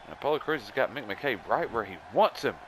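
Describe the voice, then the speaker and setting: A man playing a wrestling video game, giving excitable play-by-play commentary mixed with in-character trash talk. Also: mid-range voice, fast, crowd noise. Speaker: let's play host.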